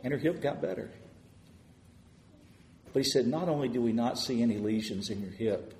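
A man preaching a sermon, telling stories of answered prayer and swelling louder as he retells people's words. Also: medium pitch, moderate pace, reverberant, slight background noise.

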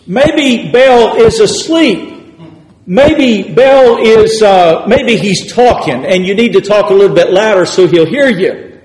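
Scornful old prophet, as a preacher puts him on. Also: male voice, sits high, expressive, darkish tone, voice pushed up. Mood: mocking. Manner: taunting, drawn-out emphasis. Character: mocking old male prophet, bold and scornful. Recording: echoey hall reverb.

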